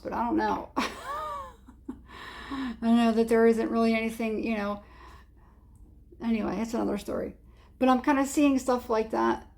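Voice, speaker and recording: A woman's voice: fairly high pitch, creaky, darkish tone. A woman giving a casual tarot reading, rambling and hesitant, with many fillers and frequent chuckles. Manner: chuckles often. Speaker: tarot reader.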